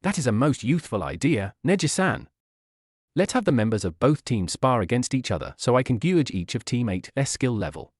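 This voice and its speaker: A man reading aloud as a loud, overexcited adult male martial arts teacher in a fan story. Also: mid-range voice, sing-song, moderate pace, dry recording, studio quality. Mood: enthusiastic. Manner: boisterous, grandiose.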